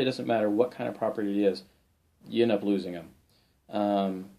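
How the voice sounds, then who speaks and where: A man's voice: medium pitch, mellow. A man who invests in real estate, answering a viewer's question in casual talk, plain-spoken and walking through examples step by step with frequent "uh"s and restarts. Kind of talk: casual explanatory talk to camera.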